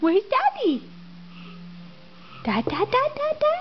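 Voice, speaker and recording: A woman's voice: very high-pitched, huge pitch swings, takes it slowly. A mother coaxing her baby in sing-song baby talk at home, laughing often. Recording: dull lo-fi home video with noise.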